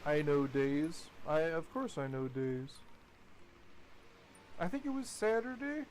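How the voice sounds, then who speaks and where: A man's voice: on the high side, expressive, slow, darkish tone, a little hiss or hum. A man rambling casually while commentating his gameplay, chatty and swearing now and then. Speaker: gaming streamer.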